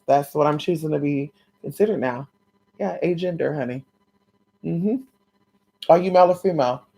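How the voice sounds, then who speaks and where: A woman's voice: deep voice, darkish tone. A woman vlogging from home late at night, talking to her viewers in a sassy, blunt and playful way and calling them honey and sis. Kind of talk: casual talk to viewers.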